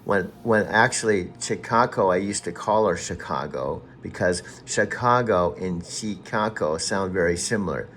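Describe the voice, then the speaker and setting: Man, low voice, casual chat, drawn-out syllable breakdowns, audibly frustrated. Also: a bit bright, a little hiss or hum. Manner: slow, patient syllable-by-syllable spelling, growing exasperated. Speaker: user talking to an AI assistant.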